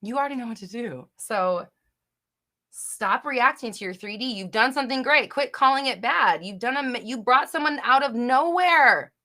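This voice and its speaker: A young woman hosting a live chat, reading viewer questions and answering bluntly, with swearing and bursts of loud exasperation. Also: moderate pace. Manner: blunt, swears, swings between low murmur and loud exasperation.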